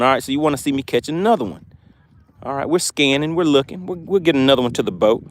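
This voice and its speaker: A man's voice: mid-range voice, animated, quick pace, no room sound. A man on a lake boat hosting a casual fishing livestream, chatting and reading viewer comments aloud. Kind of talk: casual live-stream commentary.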